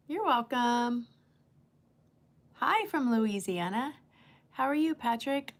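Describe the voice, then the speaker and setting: A woman's voice: a little high, animated, slow pace, pauses often, a little hiss or hum. Blunt, chatty woman livestreaming. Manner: blunt, chatty, greets viewers by name. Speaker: livestream host. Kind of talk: casual livestream chat with viewers. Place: indoor room under a bright light.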